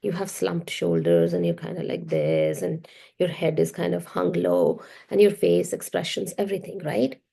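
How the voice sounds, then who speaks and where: Gravelly low-voiced woman coaching. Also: animated, normal speed, mellow. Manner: emphatic, repetitive, motivational. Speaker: self-worth coach. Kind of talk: motivational masterclass talk.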